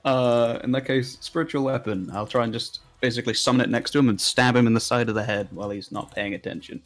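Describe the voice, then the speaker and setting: A man's voice: mid-range voice, fairly even intonation, quick pace, soft background music. A man playing a tabletop game, chatting casually and joking with the game master in a laid-back way. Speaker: player.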